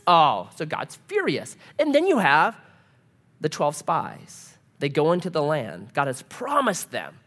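A pastor preaching a casual, humorous sermon, full of rhetorical questions. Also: male voice, on the high side, wildly swooping pitch, slow, long pauses, a bit bright.

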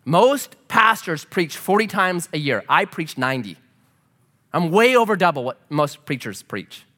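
A male pastor delivering a sermon with a high, lively voice that climbs and drops as he acts out the people he quotes. His tone is bright and forceful, and he swings between loud, punchy lines and quieter, reflective ones. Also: unhurried. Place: church.

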